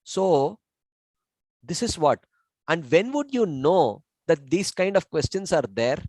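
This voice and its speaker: A man explaining as a spiritual teacher in a calm, measured way, leaning on little "you know" fillers. His voice sits a bit higher than most men's. The sound is close and dry, with almost no room around it. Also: no echo, poor audio. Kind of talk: teaching discussion.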